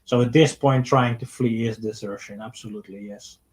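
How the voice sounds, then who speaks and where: Young man, middle pitch; blunt and opinionated livestream Q&A host. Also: fairly even intonation, normal speed, darkish tone, a little hiss or hum, rough recording. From Netherlands. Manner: blunt and opinionated, reads out questions then answers. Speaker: streamer answering viewer questions. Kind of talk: casual livestream Q&A.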